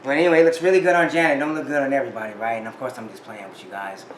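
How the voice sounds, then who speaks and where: A vinyl collector vlogger talks about his records in a casual chat to camera, his mid-range voice moving rapid-fire with fairly even intonation. He tells the story chattily, full of restarts. The recording has a roomy echo, sounds a bit off-mic, and carries faint room noise.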